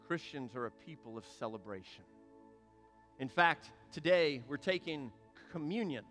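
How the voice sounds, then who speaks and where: A man's voice: sits high, pushed and bright. A male pastor preaching a sermon in an emphatic, repetitive cadence. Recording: long reverb of a large hall.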